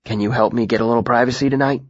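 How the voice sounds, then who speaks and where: A man voicing a young man in disguise who talks quietly with a put-on rasp in his throat. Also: medium pitch, fairly even intonation, no room sound, muffled recording, close to an everyday voice. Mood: hushed. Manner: hushed, deliberate.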